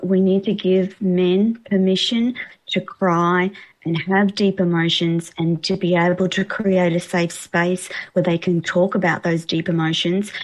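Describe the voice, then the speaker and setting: A woman's voice: lowish voice, little pitch movement, measured pace, low-quality recording. A woman hosting a radio interview, talking in an encouraging, emphatic way. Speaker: radio host.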